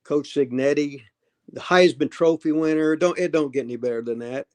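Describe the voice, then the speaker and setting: A man in his seventies hosting a casual livestream, talking in a rambling, gruff way that trails off and restarts. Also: a little high, normal speed, a little mellow. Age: 70s. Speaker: host.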